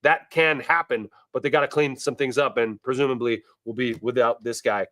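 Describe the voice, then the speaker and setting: A man hosting a casual sports show, animated and wisecracking, talking straight to his viewers. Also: mid-range voice, normal speed, no echo.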